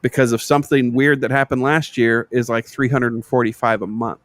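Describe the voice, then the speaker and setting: A man's voice: medium pitch, little pitch movement, a little fast, no echo. A man on a casual podcast, talking in a practical, matter-of-fact way.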